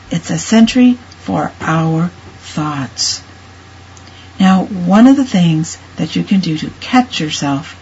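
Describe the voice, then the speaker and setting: A woman leading a guided reflection talk as a meditation teacher, speaking in a calm, measured and soothing way. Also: mid-range voice, breathy edge. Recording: dull lo-fi recording.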